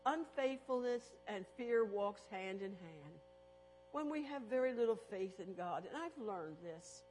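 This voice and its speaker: A woman speaking at a church talk, slowly repeating verses and stressing words in turn, sharing her own experience earnestly. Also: mid-range voice, expressive, darkish tone, slight background noise, rough recording. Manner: personal testimony, earnest. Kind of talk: devotional talk with slides.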